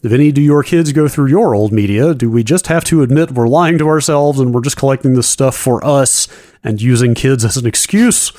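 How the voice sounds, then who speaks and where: A man co-hosting a podcast, reading a listener email in a steady, matter-of-fact way. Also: medium pitch, moderate pace, no echo, studio quality. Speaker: podcast co-host. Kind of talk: casual chat and email reading.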